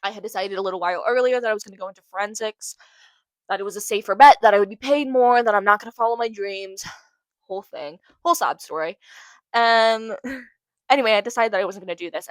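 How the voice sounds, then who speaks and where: A woman's voice: medium pitch, fairly bright tone, dry recording, rough recording. Emotional young woman rambling on a podcast. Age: young adult. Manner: emotional, rambling, repeats herself for emphasis. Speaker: podcast host. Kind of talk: casual solo podcast monologue.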